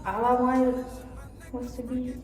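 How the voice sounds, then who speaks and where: A young adult woman vlogger tells a personal story casually, rambling with plenty of fillers and acting out what people said. Her high-pitched, darkish voice keeps a level tone and unhurried pace, recorded far from the mic in an echoey room with faint music.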